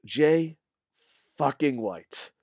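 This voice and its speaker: A man ranting in a rambling, profane fan vlog, tired and punch drunk, swinging from loud shouts to low mutters. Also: animated, drawn-out words, vocal fry, no echo, clean studio sound. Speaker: wrestling vlogger. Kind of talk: excited fan vlog rant.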